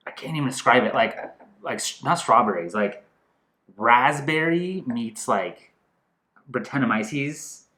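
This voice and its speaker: A man hosting a casual wine-tasting chat, rambling and excitable, often restarting as he hunts for words. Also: medium pitch. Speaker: host. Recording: echoey room.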